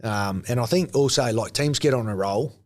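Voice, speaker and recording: A man from New Zealand with a broad Australian-tinged New Zealand accent, talking casually as an interview guest, relaxed and hesitant with frequent ums. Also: mid-range voice, moderate pace. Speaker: guest, former rugby league player.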